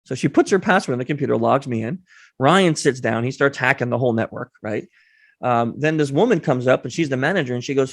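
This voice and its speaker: Man telling a lively story, dry sound. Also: medium pitch, fast, dry recording. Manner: lively anecdote teller acting out the people in his story. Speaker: guest. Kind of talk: animated storytelling.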